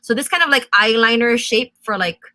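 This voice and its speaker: A woman's voice: fairly high pitch, brisk, sharp tone. A young woman hosting a live-stream makeup tutorial, explaining each step in a chatty, instructive way and answering viewer comments. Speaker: makeup brand host.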